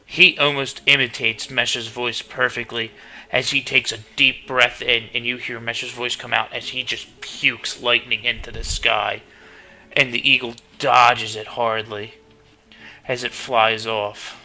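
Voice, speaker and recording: A man's voice: mid-range voice, little pitch movement, unhurried, sharp tone. A man narrating as game master in a tabletop game, telling the scene in a loose, swearing way.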